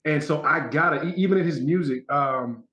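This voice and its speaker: Man, fairly high voice, animated storyteller acting out quotes, roomy echo. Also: brisk, muffled recording. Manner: animated storyteller, acts out quotes, laughs often. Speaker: guest actor. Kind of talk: casual interview chat.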